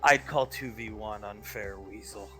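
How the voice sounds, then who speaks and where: A man's voice: lowish voice, unhurried, sharp tone, pitched below the performer's own voice. A man voicing a menacing male villain who taunts and sneers, with faint music behind. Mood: mocking.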